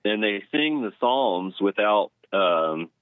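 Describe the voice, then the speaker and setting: Deep-voiced man calling in on a phone line. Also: lively intonation, no room sound. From North Texas. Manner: unhurried, hesitant with many uhs and ums. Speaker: caller. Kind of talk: casual call-in chat.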